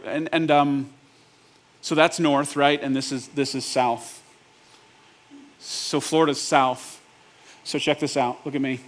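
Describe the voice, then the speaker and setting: A male pastor preaching a sermon in a casual, joking, conversational way, often checking in with the congregation with quick questions. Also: fairly high pitch. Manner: asks the audience rhetorical check-ins.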